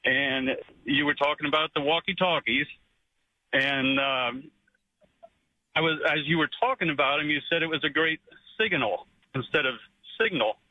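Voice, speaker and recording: A man's voice: a little high, normal speed, no room sound. A man calling in to a radio show, friendly and ribbing the host. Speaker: caller. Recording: phone line.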